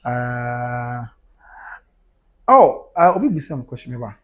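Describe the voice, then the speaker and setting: A man hosting a live stream, reading viewer comments aloud in an animated way and mixing local words into his English. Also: mid-range voice, slow pace.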